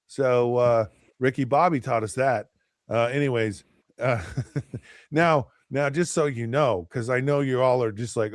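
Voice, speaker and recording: A man's voice: medium pitch, measured pace, no echo, studio quality. A middle-aged man hosting a casual sports talk show, rambling and sarcastic, with lots of fillers and restarts. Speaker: host.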